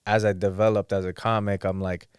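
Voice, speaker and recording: A man's voice: lowish voice, little pitch movement, brisk, smooth, no room sound, studio quality. A young man hosting a podcast in casual chat, laid-back and slangy, laughing often. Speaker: podcast host.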